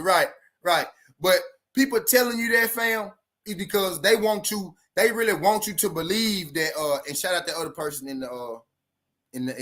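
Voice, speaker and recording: A man hosting a live sports talk stream, reading out chat messages and ranting in a slangy, animated way. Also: on the high side. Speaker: boxing talk show host.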